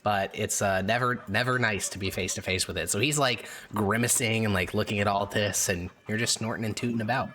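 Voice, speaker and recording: A man's voice: on the low side, steady tone, a little fast, few pauses, fairly bright tone, slight background noise. A man narrating as dungeon master, meandering with many fillers. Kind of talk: narrating a tabletop game.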